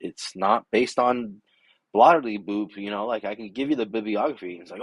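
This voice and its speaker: A middle-aged man vlogging from his garage workshop at home recounts an argument loosely and with exasperation, playing both parties himself. He talks briskly in a lowish, husky voice, and the recording is dry.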